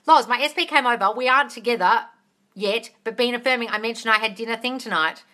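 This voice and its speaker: Blunt, bright-voiced woman answering viewer questions. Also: on the high side, expressive, fast. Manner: reads viewer comments aloud and answers bluntly, with frequent swearing; affectionate, calls viewers darling. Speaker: manifestation coach answering live viewer questions. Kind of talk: casual livestream Q&A.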